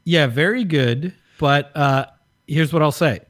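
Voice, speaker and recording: A man co-hosting a casual podcast, relaxed, mostly short agreeing replies. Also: fairly high pitch, a little slow, no echo, clean studio sound. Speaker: podcast co-host.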